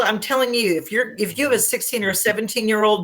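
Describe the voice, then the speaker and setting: A woman's voice: medium pitch, fairly quick, hardly any pauses, fairly bright tone. A woman co-hosting a faith-based film talk show, speaking in an emphatic, earnest way with pointed rhetorical questions. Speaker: co-host and film reviewer.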